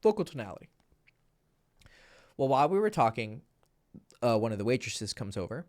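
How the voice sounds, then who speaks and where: A man, a dating coach, telling a story casually, animated, laughing and swearing freely. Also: medium pitch, moderate pace, pauses often.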